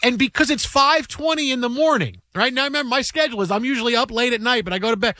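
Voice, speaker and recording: A man in his forties hosting a sports radio show, chatting and telling a story with lively acted-out quotes. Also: very high voice, fast talker, dry recording, clean studio sound. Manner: animated, acts out voices when telling a story. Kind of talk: casual sports talk and storytelling.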